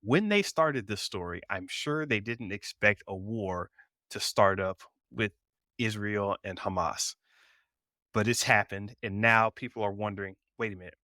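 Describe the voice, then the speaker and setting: A man co-hosting a casual pop culture podcast, relaxed and conversational, bringing up news items. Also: on the low side, a little slow, no room sound. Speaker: podcast co-host.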